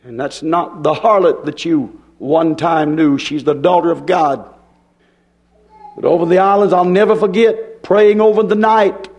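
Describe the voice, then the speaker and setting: A preacher man with a high, ringing voice delivers a fiery sermon. He talks in a folksy, impassioned way, climbing to hollers and then dropping low and quiet. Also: a little slow.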